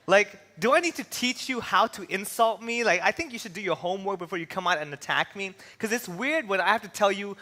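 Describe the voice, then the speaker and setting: A man from Hong Kong, a comedian giving an animated stand-up style talk on stage with a handheld mic, acting out little voices as he tells stories. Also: high voice, a little fast, few pauses. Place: large hall with an audience. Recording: long hall reverb.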